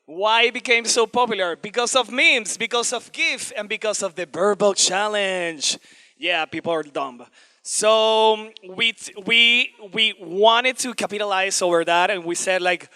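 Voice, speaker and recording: A man's voice: sits high, a little slow, bright, forceful tone, smooth. A man giving a casual, enthusiastic talk as a creative director. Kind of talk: presentation to students.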